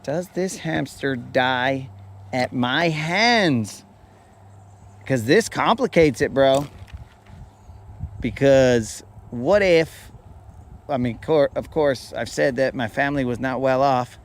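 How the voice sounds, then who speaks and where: A man's voice: mid-range voice, slow, pauses often. A man hosting a fishing show who tells a rambling, playful story in casual slang. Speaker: fishing podcast host.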